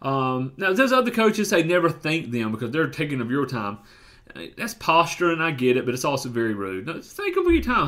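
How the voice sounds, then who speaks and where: A man's voice: on the high side, wildly swooping pitch, brisk, a bit bright. A man with a Southern US accent giving a motivational coaching talk, emphatic and repeating phrases as he restarts his thoughts. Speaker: life coach.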